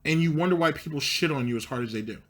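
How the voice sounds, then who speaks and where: A man's voice: fairly high pitch, very fast, a bit bright. Sarcastic, mocking male commentary host. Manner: mocking, profane, needling.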